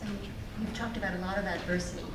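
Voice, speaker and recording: A woman's voice: mid-range voice, fairly even intonation, fast. A woman interviewer asking an elderly guest questions on stage. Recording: echoey hall from far off, noisy.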